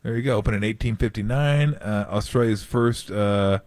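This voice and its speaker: A man's voice: lowish voice, moderate pace, no echo. A man hosting sports radio, chatting casually in a joking way and acting out quotes. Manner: joking, animated, laughs often, acts out quotes. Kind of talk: casual chat.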